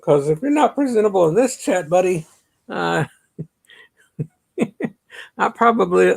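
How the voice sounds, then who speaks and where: Gravelly man chatting on a livestream. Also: a little high. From northern suburbs of Chicago. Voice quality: gravelly, husky. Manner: chatty, laughs often, greets viewers by name. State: stuffy from allergies. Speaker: livestream host. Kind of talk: casual live-stream chat reading comments.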